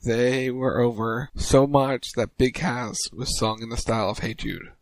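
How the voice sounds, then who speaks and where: A man co-hosting a casual podcast, recapping wrestling moves in quick play-by-play style. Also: fairly even intonation, no echo, rough recording. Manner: rapid recap, mimics crowd chants in a higher voice.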